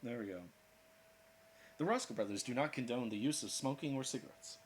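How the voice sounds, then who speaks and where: A man's voice: medium pitch, a little fast, slight background noise. A man hosting an art livestream, joking and talking through each step of his drawing. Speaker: art streamer. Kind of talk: casual livestream commentary while drawing.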